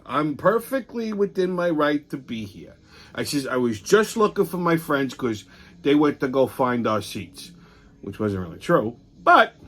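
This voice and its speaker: A middle-aged man hosting his own show, telling profane, blunt stories in a casual monologue. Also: fairly high pitch. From Sicilian heritage. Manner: profane, blunt, animated storyteller. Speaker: host.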